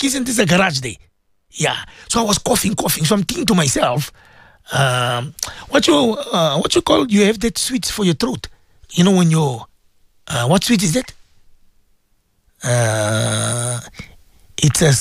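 Radio maulana, male, high and lively voice, dry studio sound, sore throat, impassioned preaching. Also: dry recording. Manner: impassioned, repetitive, rising to emphatic peaks. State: sore throat, clearing it often. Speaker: Islamic radio host, maulana.

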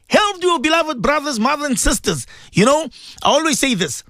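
A man's voice: extremely high pitch, expressive, a little fast, sharp tone, dry recording. Male radio preacher, fervent and pleading, repeats lines for emphasis, dry close sound. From South Africa. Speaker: Muslim cleric hosting a radio show. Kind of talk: impassioned radio sermon.

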